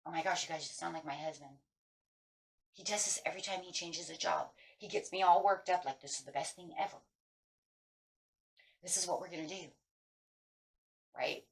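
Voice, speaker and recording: A woman's voice: fairly low pitch, moderate pace, gravelly, long pauses. A middle-aged woman giving a chatty, casual tarot reading, breaking into anxious inner voices. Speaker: tarot reader.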